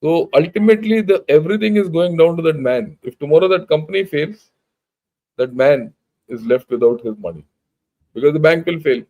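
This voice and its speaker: A man's voice: on the high side, lively intonation, brisk, warm tone. An older man with an Indian accent, a retired general and channel host, giving a blunt, emphatic informal talk and reading out news. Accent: Indian English. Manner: emphatic, blunt, conversational with many restarts.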